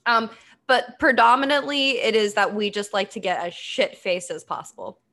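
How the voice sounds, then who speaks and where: A woman's voice: medium pitch, normal speed, a bit bright. A woman co-hosting a podcast, chatting casually about a documentary, with lots of ums and easy laughs. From Boston area. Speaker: podcast co-host. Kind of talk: casual chat recapping a documentary.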